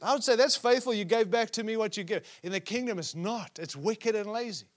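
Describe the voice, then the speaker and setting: A man preaching a sermon at a conference, acting out scripture quotes and dropping to a hush at times. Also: sits high, a little fast. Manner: preaching with sudden drops to a hushed voice; acts out quoted speech from scripture stories. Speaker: conference speaker. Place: conference hall.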